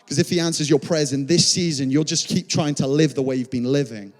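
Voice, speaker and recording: A man's voice: on the high side, fairly quick, a little mellow. A male pastor giving a passionate, conversational sermon, often restarting his phrases. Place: church auditorium. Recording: reverberant church hall.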